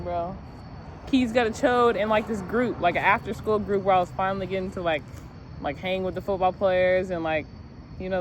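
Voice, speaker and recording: Young woman, casual outdoor vlog, rambling, swearing, phone mic, faint traffic behind. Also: fairly low pitch. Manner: loose, profane, laughing, musing aloud. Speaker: vlogger. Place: outdoors, seated in a parking lot.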